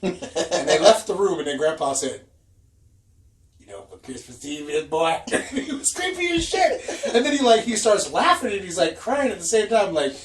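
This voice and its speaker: A man co-hosting a casual podcast, telling profane stories with frequent laughter. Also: sits high. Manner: profane animated storytelling, laughs often. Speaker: podcast co-host. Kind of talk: casual chat. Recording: echoey room from a distance, faint noise.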